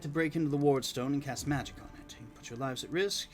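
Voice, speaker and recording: A man's voice: mid-range voice, fast talker, few pauses, faint music behind. A man reading dialogue in a game playthrough and talking fondly to his cat between lines. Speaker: game streamer.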